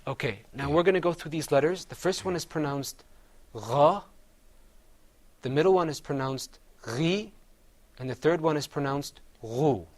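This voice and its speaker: A man's voice: on the high side, animated, normal speed. Patient man drilling Arabic sounds. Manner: patient, repeats each sound for a group to echo back; explains mouth positions step by step. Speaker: Arabic teacher. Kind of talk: classroom pronunciation drill.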